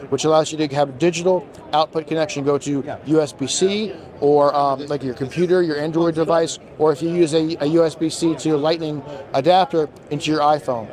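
A man, a brand marketing manager, enthusiastically demonstrating products at a trade show while he is losing his voice. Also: a little mellow. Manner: enthusiastic, fast product pitch.

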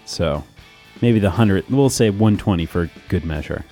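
A man's voice: low voice, expressive, measured pace, warm tone, soft background music. Chatty man hosting a tech podcast. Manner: chatty, laughs often, many fillers. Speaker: podcast host. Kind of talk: casual tech podcast chat.

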